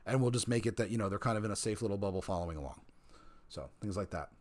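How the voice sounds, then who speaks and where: A man's voice: on the low side, lively intonation, racing, a little mellow. A man streaming casually, talking through the rules of his role-play server, rambling and repeating key points for emphasis. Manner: rambling, repeats points for emphasis, reads chat messages aloud. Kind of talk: casual livestream chat.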